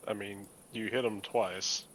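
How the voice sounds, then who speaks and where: A man's voice: on the low side, fairly even intonation, a little slow, fairly bright tone, a little hiss or hum. A man chatting as a player in a tabletop game, eager and matter-of-fact about his turns. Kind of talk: casual game chat.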